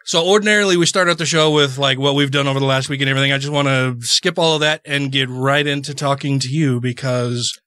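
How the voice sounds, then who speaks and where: A man's voice: medium pitch, fairly even intonation, fast, few pauses, bright, forceful tone, no room sound. A man co-hosting a podcast from a studio, eagerly asking a guest questions in a casual, chatty way. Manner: eager, chatty, restarts sentences. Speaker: podcast co-host.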